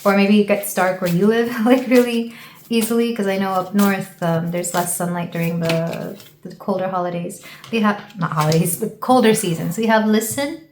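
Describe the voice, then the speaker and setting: A woman from the United States giving a casual tarot reading, rambling and thinking aloud with soft fillers. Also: medium pitch, fairly even intonation, normal speed, reverberant, a little hiss or hum. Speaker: tarot reader.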